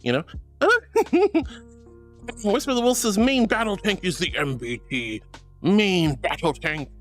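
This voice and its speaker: A woman's voice: mid-range voice, sing-song, takes it slowly, soft background music. A woman streaming casually, reading chat messages aloud in a bubbly, affectionate way.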